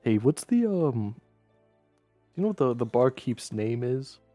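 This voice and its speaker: An awkward, eager adventurer with a lively, swooping voice and an unhurried delivery, as a player puts him on. Soft music plays underneath. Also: mid-range voice, dry recording.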